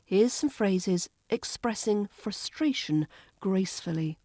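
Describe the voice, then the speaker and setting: A woman's voice: medium pitch, expressive, measured pace, dark tone, no room sound. British rp woman teaching on a podcast, poised and precise, dry close mic. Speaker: accent coach and podcast host. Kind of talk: scripted podcast lesson.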